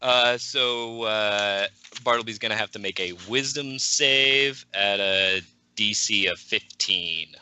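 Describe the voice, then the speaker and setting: A man's voice: fairly low pitch, slow pace, sharp tone, clear, resonant tone. A man playing a tabletop game, hesitant and full of fillers. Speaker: player. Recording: dry lo-fi audio.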